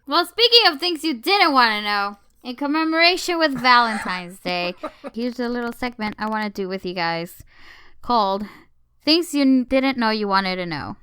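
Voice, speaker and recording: A woman co-host brings in a segment in an upbeat, casual way. Her voice is very crisp and animated, recorded dry and close. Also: fairly high pitch, moderate pace, dry recording. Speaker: podcast co-host. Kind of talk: casual chat.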